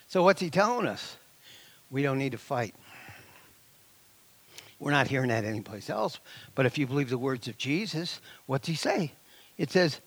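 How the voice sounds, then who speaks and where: Animated high-pitched male preacher. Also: normal speed, no echo. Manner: animated, exclaiming and laughing, swings between loud and hushed. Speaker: pastor. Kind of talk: sermon.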